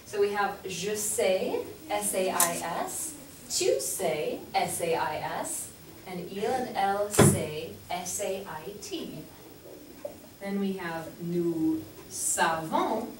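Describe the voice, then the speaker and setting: A woman's voice: on the low side, background noise. A woman teaching a French class, patiently explaining and spelling out words letter by letter. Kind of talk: classroom instruction. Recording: echoey classroom heard from a distance.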